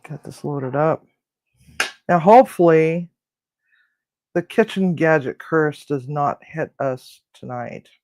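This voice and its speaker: Cooking-stream host, unhurried and chatty, mutters to themself mid-task, dry close sound. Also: mid-range voice, no echo. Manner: chatty, mutters and grumbles to self while cooking. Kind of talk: casual live cooking chat. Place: home kitchen.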